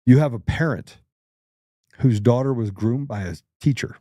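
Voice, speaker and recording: A man's voice: medium pitch, normal speed, dark tone, dry recording, clean studio sound. A middle-aged man hosting political commentary, blunt, combative and emphatic. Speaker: host.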